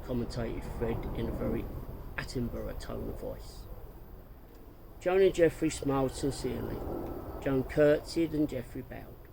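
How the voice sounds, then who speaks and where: A man reading a story aloud as narrator, slow and even. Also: medium pitch, creaky, noisy background.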